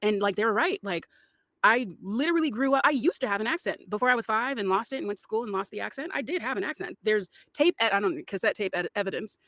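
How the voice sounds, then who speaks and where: A woman's voice: mid-range voice, animated, fast, a bit bright. A woman voice actor, a guest on a podcast, chatting casually with lots of laughs, fillers and restarts. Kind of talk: casual podcast interview chat.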